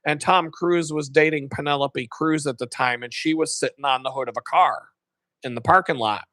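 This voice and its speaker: Bright-voiced man telling stories. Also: on the high side, normal speed, dry recording. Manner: profane, animated, laughs often. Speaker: live streamer. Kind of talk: casual storytelling.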